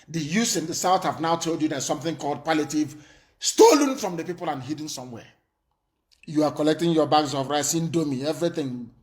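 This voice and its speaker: Fiery Nigerian man making a defiant broadcast. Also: fairly high pitch. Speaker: political broadcaster. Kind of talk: impassioned live radio address.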